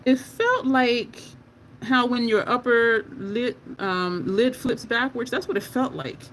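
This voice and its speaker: A woman's voice: fairly high pitch, lively intonation, slow pace, fairly bright tone, a little hiss or hum, poor audio. A woman beauty vlogger in casual chat while doing her makeup, answering viewer comments and laughing often.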